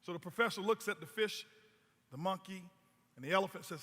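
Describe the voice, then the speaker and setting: A man's voice: high-pitched, fairly quick, long pauses, a bit bright. A man giving a stage presentation as a motivational speaker, telling stories with emphatic repetition. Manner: storytelling, emphatic, repeats words. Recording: long hall reverb.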